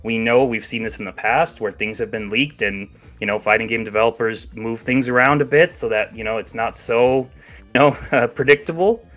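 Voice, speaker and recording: A man's voice: medium pitch, normal speed, fairly bright tone, soft background music. A man co-hosting a casual chat show about video games, chatty and hedging, laughing easily. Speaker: podcast co-host.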